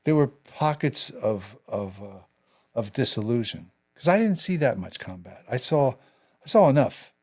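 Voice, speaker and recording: An older man telling a personal story in an interview, halting and reflective, his voice trailing off into quiet asides. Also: medium pitch, big pitch swings. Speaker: guest, veteran actor and writer.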